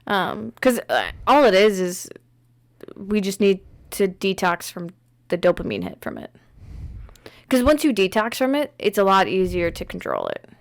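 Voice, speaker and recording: A woman in her thirties co-hosting a casual podcast conversation. She talks loosely and animatedly, peppering her stories with "like" fillers. Her voice sits at an ordinary mid pitch for a woman. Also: sing-song, moderate pace, vocal fry. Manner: chatty storyteller, lots of "like" fillers. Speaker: podcast co-host. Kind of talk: casual chat.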